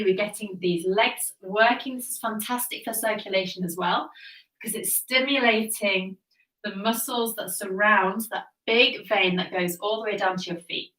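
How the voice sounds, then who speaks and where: A woman instructor talks a class through a Pilates routine with calm, encouraging cues. Her voice is bright and a bit sharp, and it sits back from the mic in a roomy, echoing space. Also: medium pitch, recorded from a distance. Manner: encouraging, calm cueing with breath counts. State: slightly out of breath. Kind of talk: guided workout instruction. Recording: echoey room, voice off-mic.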